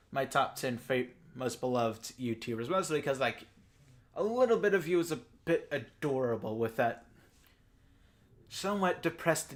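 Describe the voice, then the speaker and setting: A young man from Texas, ranting casually and profanely as a YouTube commentator. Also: medium pitch. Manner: rambling, profane, self-deprecating.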